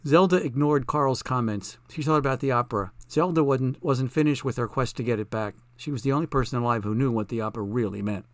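A male audiobook narrator with a mid-range voice and a measured, plain delivery. The recording is dry and close, with no room sound. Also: medium pitch, dry recording. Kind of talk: scripted narration.

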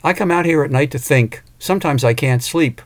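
A man's voice: fairly high pitch, brisk, no room sound, natural voice. A man voicing a lonely, wistful older farmer who talks plainly with a rural turn of phrase.

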